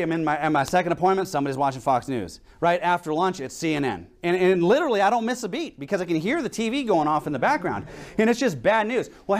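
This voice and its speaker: A young adult male preacher with a higher voice delivers an anecdotal sermon full of animated swings and rhetorical questions.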